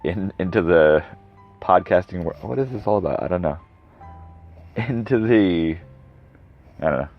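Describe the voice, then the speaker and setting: Deep-voiced rambling man podcaster. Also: expressive, a little slow, pauses often. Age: 30s. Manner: rambling, goes off on tangents, corrects himself. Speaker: podcast host. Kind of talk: casual solo podcast monologue. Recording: dull lo-fi recording with music behind. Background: background music.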